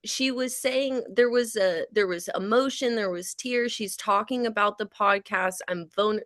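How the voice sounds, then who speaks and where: Woman, podcast co-host, frank and emphatic, casual chat, mid-pitched voice, dry close sound. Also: fairly bright tone, no room sound. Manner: frank, emphatic, laughs readily.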